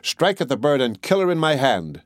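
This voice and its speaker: A cruel, hot-tempered carter from a storybook, played by a man reading aloud. He cries out in anguish in a mid-pitched voice. The recording is dry and close. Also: very animated, normal speed, dry recording, lightly acted. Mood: despairing. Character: cruel, wrathful male carter.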